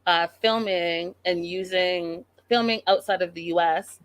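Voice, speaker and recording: A woman's voice: on the low side, steady tone, a little slow, clear, resonant tone, no echo. A woman hosting a casual live recap show, chatting and reading viewer comments with exasperation. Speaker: podcast host recapping a reality show.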